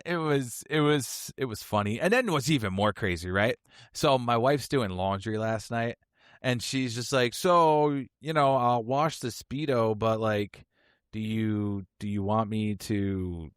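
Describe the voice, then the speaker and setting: Lively low-voiced man telling a story. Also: smooth, dry recording, clean studio sound. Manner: animated, laughing storyteller. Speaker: podcast host. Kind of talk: casual storytelling chat.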